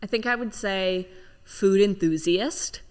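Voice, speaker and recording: A woman's voice: mid-range voice, clear, resonant tone. A young woman guest on a podcast, chatting in an upbeat, playful way. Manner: upbeat, playful, quick to laugh. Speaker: guest, author and actress. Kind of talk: casual interview chat. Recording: long reverb.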